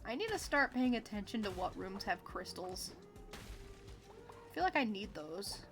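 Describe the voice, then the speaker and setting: A woman's voice: mid-range voice, very animated, a little slow, music in the background. Giggly, exclamatory woman streamer. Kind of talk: casual gameplay commentary.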